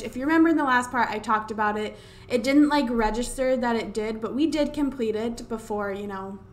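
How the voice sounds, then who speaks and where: A woman's voice: fairly high pitch, slight background noise. A woman giving casual gameplay commentary at home, exasperated, talking to the game characters and drawing out her wows. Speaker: let's play host. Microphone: desk USB microphone.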